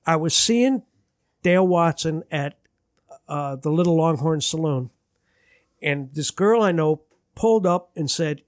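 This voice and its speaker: A man's voice: a little high, animated, a little slow, long pauses, dry recording, clean studio sound. Chatty man telling rambling stories. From Detroit area. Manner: rambling anecdotes, acts out quotes, laughs at himself. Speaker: guest musician. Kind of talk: casual storytelling chat.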